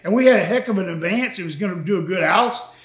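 An older man with a drawl recounts his wrestling days in a loose, folksy way. His voice sits notably high for a man. He laughs often, and the room around him rings with echo. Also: lively intonation, fast, fairly bright tone. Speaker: retired wrestler and former booker. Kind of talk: storytelling interview.

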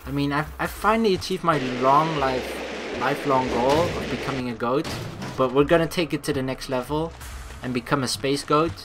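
A let's play gamer giving excitable gameplay commentary, swearing freely and laughing often, with game music playing behind. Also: mid-range voice, moderate pace.

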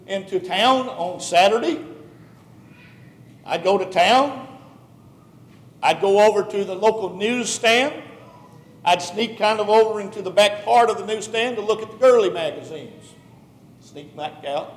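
A man's voice: sits high, unhurried, long pauses. A man from Texas preaching a sermon in a church, telling his story earnestly with building emphasis. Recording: echoey church hall recording.

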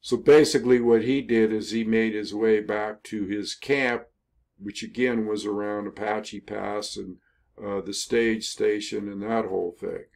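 An older man telling a history story in a casual, rambling way, with many pauses, fillers and self-corrections. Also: fairly low pitch, steady tone, creaky, darkish tone. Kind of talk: casual spoken history narration over photos.

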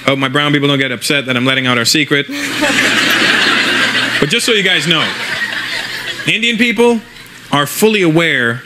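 A man's voice: a little high, normal speed, pauses often, very noisy. A male stand-up comedian performing a routine with a punchy, conspiratorial delivery to a live crowd. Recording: loud live audience laughter.

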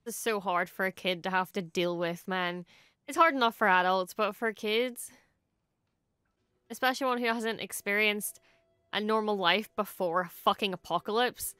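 A young woman hosting a casual reaction video, excitable and quick to swear and gush. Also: mid-range voice, smooth, dry recording. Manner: excitable, swears often, gushes.

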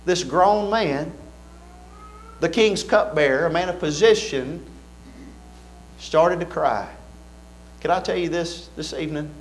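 Earnest preacher man, higher voice. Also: measured pace, long pauses, slight background noise. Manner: earnest, preaching with rising fervor and repeated phrases. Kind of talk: sermon. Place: church.

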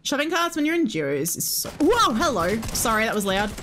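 A woman streaming a shooter game, chatting excitably to her viewers and giggling at her own plays. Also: a little high, a little fast. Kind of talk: casual gameplay commentary to viewers.

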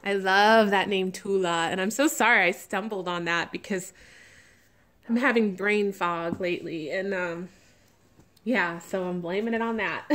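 A woman gushing emotionally as she unboxes a reborn doll, close to tears with excitement. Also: medium pitch, slow, long pauses. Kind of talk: unboxing vlog.

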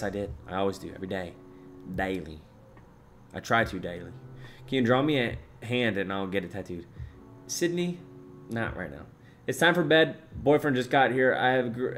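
A young man chats casually on a live stream, reading out chat messages and joking around. He swings between low mumbles and loud excited bursts, and the recording has a little hiss or hum.

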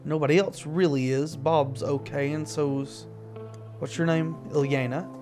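A man giving relaxed, explanatory commentary while playing a video game. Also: a little high, unhurried, music in the background. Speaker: gaming video host. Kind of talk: let's-play commentary.

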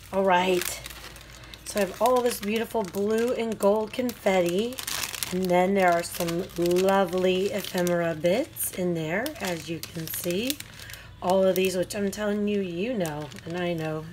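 Gushing, slow-talking woman opening a craft swap. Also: on the low side, background noise. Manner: gushing, effusive exclamations; talks to the sender directly. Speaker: craft vlogger. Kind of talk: unboxing a mail swap.

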